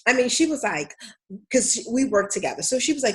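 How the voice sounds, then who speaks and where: A woman's voice: on the high side, very animated, a little fast, fairly bright tone. Chatty Baltimore woman career coach. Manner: candid, chatty, addresses viewers as y'all. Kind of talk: live-streamed casual talk to viewers.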